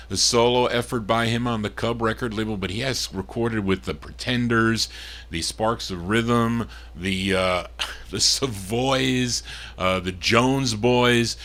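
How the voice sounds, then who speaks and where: Bright-voiced man hosting an oldies record show. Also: medium pitch, unhurried. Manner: chatty and relaxed, chuckles between remarks. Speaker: radio-style record show host. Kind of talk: casual disc jockey patter.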